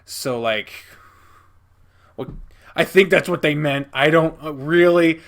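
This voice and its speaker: Young male host, slightly high voice, relaxed and foul-mouthed, reading listener questions on a video call. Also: slow pace, creaky. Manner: laid-back and profane, laughs easily. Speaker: podcast host. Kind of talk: casual online interview.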